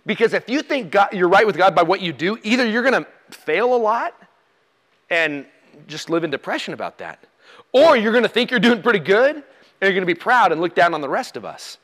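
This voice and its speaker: A man's voice: high-pitched, sing-song, fairly quick, fairly bright tone. A man preaching a sermon in a conversational, plain-spoken way, with light humor and direct questions to his listeners. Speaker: pastor.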